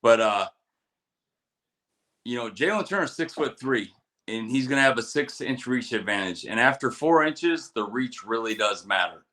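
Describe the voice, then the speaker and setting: Bright-voiced man telling war stories. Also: medium pitch, normal speed. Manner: storytelling, profane, animated quotes. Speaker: podcast co-host, military veteran. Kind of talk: casual chat with fight picks.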